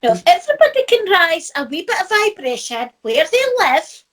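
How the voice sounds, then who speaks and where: Scottish woman, middle-aged, high bright voice, chatty spiritual teacher who laughs a lot. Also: normal speed. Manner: lively storyteller who laughs often. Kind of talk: casual chat.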